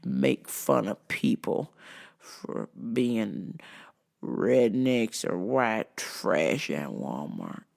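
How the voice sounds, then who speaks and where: A woman doing a slow-drawling drunk redneck man. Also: rumbling low, big pitch swings, vocal fry, darkish tone, voice pushed down, exaggerated voice. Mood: insistent. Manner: slow halting drawl with many "uh"s.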